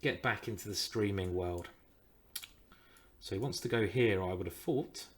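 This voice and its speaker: A man's voice: on the low side, moderate pace, a little hiss or hum. A man streaming live chess, thinking aloud about his moves and swearing and groaning when things go wrong.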